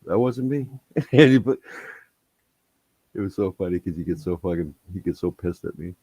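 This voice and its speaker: A man's voice: low-pitched, lively intonation, normal speed, dark tone, breathy edge, no echo. A man telling rambling, profane anecdotes in casual chat. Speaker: storyteller.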